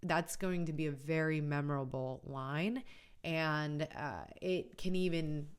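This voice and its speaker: Low-voiced earnest woman host. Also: a little slow, clear, resonant tone. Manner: earnest, conversational, often adds "right?". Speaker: college funding educator and channel host. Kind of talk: casual educational video talk.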